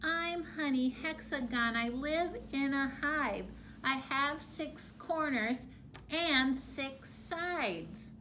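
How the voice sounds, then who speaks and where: A woman's voice: high voice, expressive, extremely slow, sharp tone, a little hiss or hum, pitched above the performer's own voice, exaggerated voice. A woman doing a little buzzing bumblebee hexagon. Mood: buzzy cheerful.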